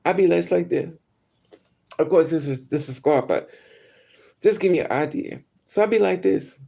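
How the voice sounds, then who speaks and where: A man tells a personal story to his livestream audience in a casual, candid way, talking straight to them and answering their comments. His voice sits a bit high for a man but has a dark, mellow tone. A gravelly, creaky edge runs through his speech. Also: normal speed. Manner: candid, chatty, talks straight to viewers. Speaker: vlogger.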